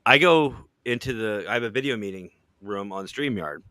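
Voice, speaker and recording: Bright-voiced, easygoing male podcast host. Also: on the low side, expressive, normal speed, no room sound. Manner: laid-back, swearing, laughing storyteller. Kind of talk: casual chat.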